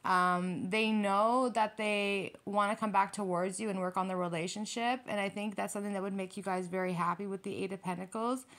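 Woman, tarot reader, casual and foul-mouthed, hammers points by repeating them, mid-pitched. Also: steady tone, brisk, hardly any pauses, a bit bright. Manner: blunt and profane, repeats phrases for emphasis; breaks into laughter. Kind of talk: casual tarot reading to camera.

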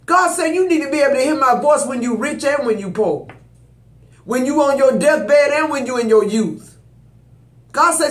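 Preachy tarot reader in a roomy space. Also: male voice, extremely high pitch, expressive, moderate pace. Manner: preachy, emphatic, addresses viewers directly. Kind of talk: spiritual tarot reading. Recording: roomy echo.

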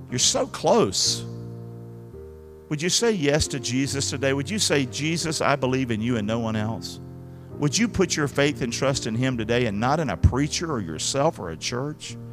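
Preacher guy doing an altar call, pleading and repeating, soft music playing under him. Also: mid-range voice. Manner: pleading, repetitive, swings from hushed prayer to loud exhortation. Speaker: pastor. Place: large church hall.

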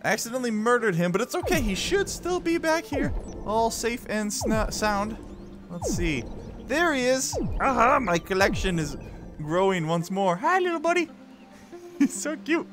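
Sitting high in pitch and speaking at a measured pace, a man hosts a gaming video over background music. He plays a virtual reality fishing game, giving excitable, playful running commentary, laughing and talking to the fish.

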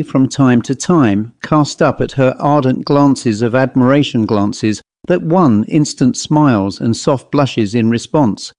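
Measured male ghost-story narrator, dry sound. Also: mid-range voice, a little mellow, dry recording. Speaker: audiobook narrator.

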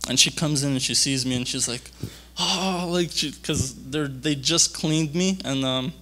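A young man giving a rambling personal testimony at a church youth conference, halting and full of fillers and restarts. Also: medium pitch, sharp tone. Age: young adult.

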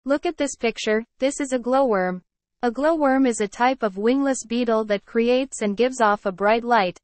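A woman teacher reading a story aloud to children, pausing to explain words. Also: on the high side, a little mellow, no room sound. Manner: clear, explaining, addresses children. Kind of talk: read-aloud lesson with word explanations.

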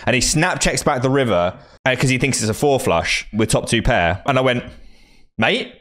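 A man telling a casual, animated story as a poker vlogger, with plenty of fillers and the odd swear word. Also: mid-range voice, brisk.

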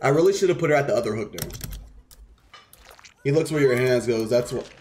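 A man's voice: mid-range voice, brisk, darkish tone, slight background noise. A man streaming a game live, casually explaining strategy while teasing the players on screen and swearing freely. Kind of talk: live gameplay commentary.

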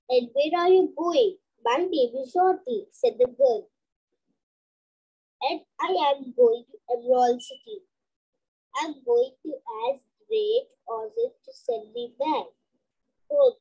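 A young reader reading a storybook aloud slowly and carefully, with restarts and repeated words. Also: female voice, high-pitched, sing-song, dark tone, lo-fi sound. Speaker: student reader.

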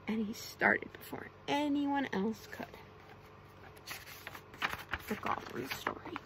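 Brief: young woman, whispered role-play storyteller, soft hushed reading, a touch high, faint hiss behind. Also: poor audio. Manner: soft, often whispered reading with playful character voices. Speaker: ASMR storyteller.

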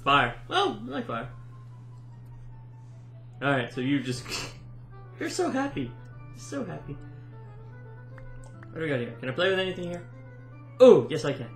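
A man giving casual let's-play commentary, excitable and easily amused. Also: fairly high pitch, normal speed, pauses often. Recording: roomy echo with game music behind.

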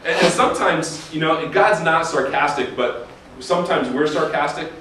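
A man giving a relaxed, humorous sermon in a church, acting out quoted prayers as he talks to the congregation. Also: a little high, normal speed. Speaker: preacher. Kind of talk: conversational sermon. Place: church sanctuary. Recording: echoey room, distant mic, faint hiss.

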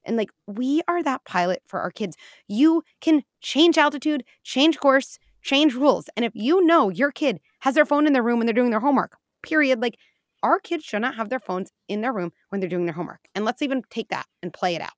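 A woman's voice: on the high side, fairly quick, no room sound, clean studio sound. A woman, a clinical psychologist guest, talking casually in an interview and acting out little scenes. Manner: animated, acts out scenes with quoted voices.

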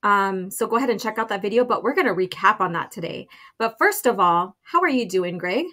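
A woman hosting a casual chat, friendly and quick to laugh. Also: mid-range voice, animated, bright, forceful tone. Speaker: host.

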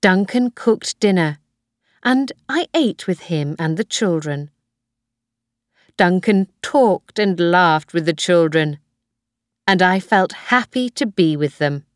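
A woman narrating a graded reader story in a slow, clear, careful way. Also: fairly low pitch, animated, no room sound, clean studio sound. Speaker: audiobook narrator.

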